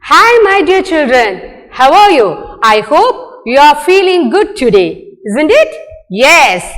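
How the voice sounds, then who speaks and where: Woman teacher, high animated sing-song voice, slow and coaxing, echoing hall sound. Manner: sing-song, coaxing, answers own questions. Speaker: kindergarten teacher. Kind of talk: online lesson for young children.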